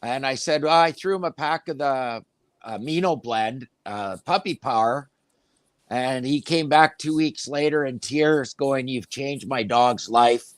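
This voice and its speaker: A man's voice: medium pitch, a little slow, dry recording. A man in casual talk-show chat who jokes and laughs easily.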